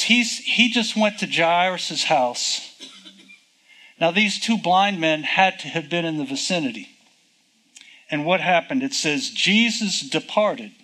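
Male preacher, sermon teaching, rhetorical questions, unhurried delivery, bright voice. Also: high voice, rough recording. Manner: conversational Bible teaching, rhetorical questions, reading verses aloud.

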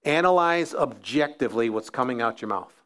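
A man's voice: medium pitch, expressive, a little fast, fairly bright tone. A man preaching a sermon as pastor, building emphasis through repeated phrases.

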